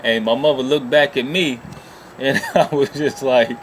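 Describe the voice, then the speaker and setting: A man's voice: mid-range voice, steady tone, unhurried, a little hiss or hum. A man telling a rambling, profane personal story in a casual vlog, leaning on filler phrases. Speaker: vlogger.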